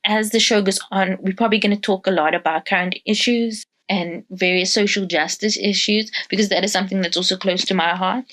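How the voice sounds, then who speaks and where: A woman introducing her podcast episode, speaking directly and warmly to her listeners. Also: medium pitch, steady tone, a little fast, few pauses. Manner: friendly, addresses listeners directly. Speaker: podcast host.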